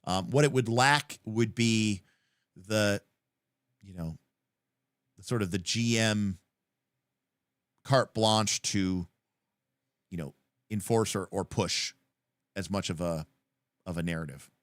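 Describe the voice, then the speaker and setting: A man co-hosting a livestream, chatting casually about tabletop games, rambling with lots of fillers and acting out scenes in quick voices. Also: lowish voice, no room sound, studio quality. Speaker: livestream co-host.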